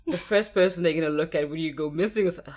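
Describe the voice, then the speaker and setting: Low-voiced young woman, dry joker. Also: quick pace, darkish tone. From South Africa. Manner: dry, joking, laughs along. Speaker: podcast co-host. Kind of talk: casual chat.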